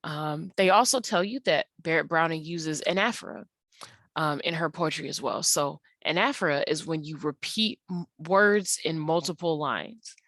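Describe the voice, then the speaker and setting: A woman's voice: low voice, normal speed, a bit bright, no echo. A woman teacher patiently explaining slides in an online tutorial, with frequent ums and uhs. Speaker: English teacher.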